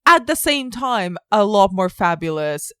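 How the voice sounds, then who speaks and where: A woman in casual podcast chat, speaking in a relaxed, wry way. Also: medium pitch, measured pace, smooth, no echo, clean studio sound.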